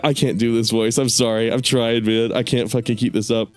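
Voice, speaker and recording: Young guy streamer, mid-pitched, foul-mouthed, loose and self-mocking. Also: level tone, a little fast, soft background music. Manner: swears a lot, laughs at himself. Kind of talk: casual gaming stream chat.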